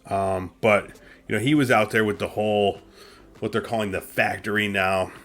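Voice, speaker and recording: A man's voice: on the low side, fairly even intonation, moderate pace, fairly bright tone, faint music behind. A man hosting a casual recap, chatty and opinionated, with lots of fillers. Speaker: wrestling show reviewer and host.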